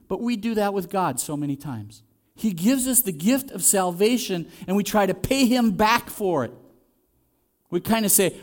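A man preaching a sermon in a conversational way, asking the congregation questions and swinging between loud and soft. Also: high voice, lively intonation, normal speed. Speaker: pastor.

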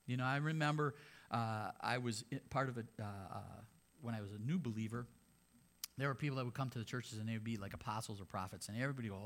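A man's voice: medium pitch, a little fast, fairly bright tone. A man, a pastor, preaching a sermon in a conversational way, with sarcastic asides.

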